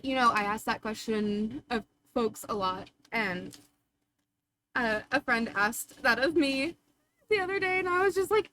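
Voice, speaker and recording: A woman hosts a casual home livestream, talking to her viewers in a bubbly, affectionate way. Her voice sits a little high. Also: lively intonation, normal speed, bright, forceful tone, low-quality recording. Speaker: livestream host. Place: home streaming room.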